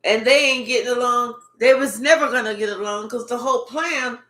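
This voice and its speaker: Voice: medium pitch, fairly quick, pushed and bright. A spiritual reader giving a casual reading in a blunt, profane, repetitive way. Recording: echoey room.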